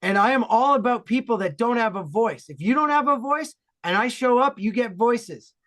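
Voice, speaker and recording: Energetic Ontario-accented man chatting. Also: extremely high pitch. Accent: Ontario Canadian. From Ontario, Canada. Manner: energetic, emphatic, fast bursts. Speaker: podcast regular. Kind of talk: casual podcast chat.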